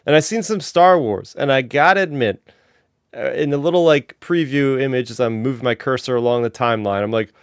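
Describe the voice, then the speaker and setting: A man's voice: medium pitch, brisk, smooth, no room sound, clean studio sound. A man hosting a fan podcast, running through announcements and news in an enthusiastic, casual way. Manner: enthusiastic, talks through housekeeping. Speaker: podcast host.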